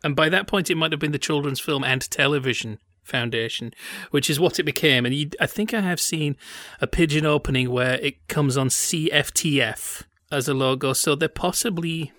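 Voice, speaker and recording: Giggly bright-voiced man. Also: fairly high pitch, normal speed, no echo, studio quality. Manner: jokey, laughs often, playful tangents. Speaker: podcast co-host. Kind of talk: casual chat.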